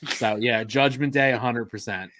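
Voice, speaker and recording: A man's voice: mid-range voice, normal speed, sharp tone, no echo. Profane, bantering podcast man. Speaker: podcast co-host. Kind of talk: casual wrestling podcast chat.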